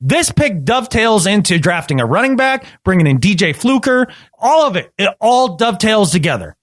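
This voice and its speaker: A man co-hosting a casual sports podcast, talking emphatically and repeating himself when excited. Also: high voice, moderate pace, dry recording, studio quality. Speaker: podcast co-host.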